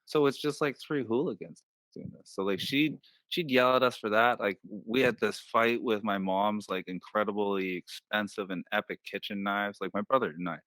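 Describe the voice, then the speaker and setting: A man in his thirties with a low voice that still sounds bright and forward. He tells personal stories over online voice chat, loose and profane and full of filler words. The sound is dry and close, with no room around it. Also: steady tone, moderate pace, few pauses, no echo. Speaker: interview guest. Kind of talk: casual storytelling. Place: online virtual-world voice chat.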